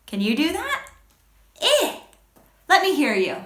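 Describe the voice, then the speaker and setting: A woman teaching a children's phonics lesson, speaking slowly and exaggerating each sound for young learners. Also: high voice, reverberant. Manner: slow, expressive, exaggerated sounds.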